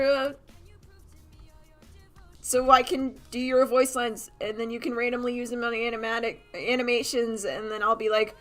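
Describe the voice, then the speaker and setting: A woman's voice: fairly high pitch, steady tone, a little fast, fairly bright tone, soft background music. A woman from Canada chatting casually on a live stream while she draws, rambling and laughing at herself as she answers chat. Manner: rambling, giggly, self-mocking, talks to chat. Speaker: streamer and animator.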